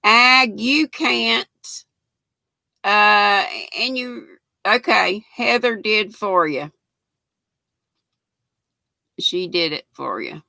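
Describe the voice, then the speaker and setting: An older woman in her sixties with a drawl hosts a relaxed livestream, reading out chat messages and greeting viewers by name. She talks slowly in a gravelly voice with a bright edge, close to the mic in a dry room. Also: mid-range voice, no room sound. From United States. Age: 60s. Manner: chatty, reads viewer comments aloud and greets viewers by name. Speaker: channel host reading live chat.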